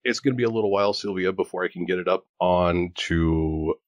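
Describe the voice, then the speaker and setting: Man, forties, very low voice, chatty, self-joking, dry recording. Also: fairly quick, no room sound. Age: 40s. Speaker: host. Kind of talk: casual chat.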